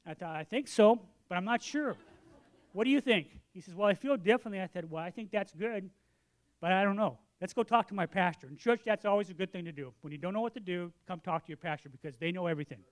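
A man in his sixties delivering a sermon, his voice sitting high. He tells stories with energy and acts out both sides of a conversation. Then he settles into a quieter, earnest tone for the point he is making. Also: fast talker. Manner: drops to a quiet, earnest tone for the lesson. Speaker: preacher. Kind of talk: sermon with storytelling.

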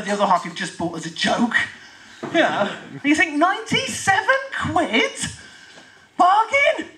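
Lively bright-voiced woman performer. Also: fairly high pitch, poor audio. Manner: animated, self-mocking comic exaggeration. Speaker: spoken word performer. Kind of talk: comic spoken word monologue. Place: live performance venue.

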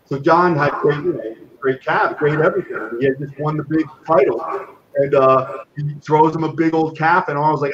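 A man hosting a podcast, chatting excitedly and often cutting in. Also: on the high side, normal speed, dull audio, noisy background. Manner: excitable, interrupts. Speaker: podcast host. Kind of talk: casual chat.

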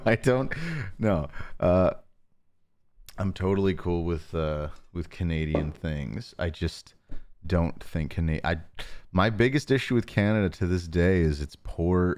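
Soft-spoken deep-voiced male streamer. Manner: talks softly to save his voice; joking, reads chat names aloud. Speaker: livestream host. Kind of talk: casual chat with live chat. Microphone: close mic.

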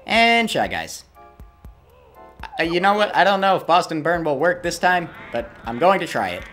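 A man's voice: a little high, big pitch swings, moderate pace, fairly bright tone, soft background music. A man commentating his own gameplay, easily frustrated, swearing and pleading at the game as he plays. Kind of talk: let's play commentary.

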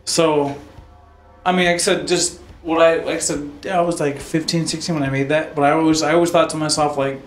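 Young dude rambling on a podcast, kinda high voice, lots of likes and ums. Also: male voice, steady tone, fairly quick. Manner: rambling, laughs often, many fillers. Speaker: podcast co-host. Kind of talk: casual chat. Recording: echoey room with faint music.

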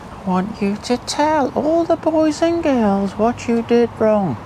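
Brief: comic talking tent, a man doing it, shrill and scolding, drawn-out delivery. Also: animated, mellow, a little hiss or hum, exaggerated voice, poor audio. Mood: sulky. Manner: scolding, high squeaky put-on voice. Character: talking tent, sulky and reproachful.

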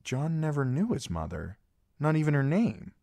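A man voicing a fierce, quick-tempered young noble girl in a storybook reading, blunt and demanding. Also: on the high side, very animated, creaky, warm tone, no echo, pitched above the performer's own voice. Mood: wistful.

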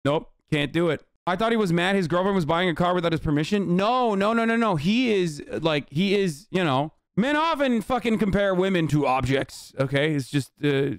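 A man's voice: high voice, animated, moderate pace, few pauses, clear, resonant tone, no echo, clean studio sound. A young man streamer reacting to clips, talking bluntly and profanely in a ranting commentary. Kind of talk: casual commentary.

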